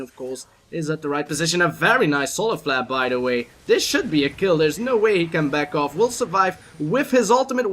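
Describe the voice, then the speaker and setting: A man doing solo play-by-play commentary on a video game match, excitable and chatty, breaking off into quick asides and corrections. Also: fairly high pitch. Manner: excitable, voice jumps up at big plays. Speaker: esports shoutcaster.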